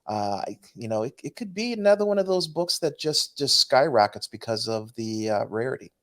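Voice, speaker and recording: A man co-hosting a casual podcast about comic books, talking in an easygoing, hesitant way with frequent pauses and restarts. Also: mid-range voice, animated, a bit bright. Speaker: podcast co-host.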